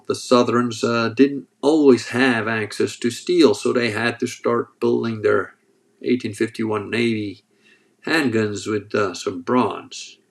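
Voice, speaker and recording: Male podcast host, gravelly, slow, folksy rambler. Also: mid-range voice. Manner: folksy, digressive, with pauses and fillers. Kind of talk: rambling monologue.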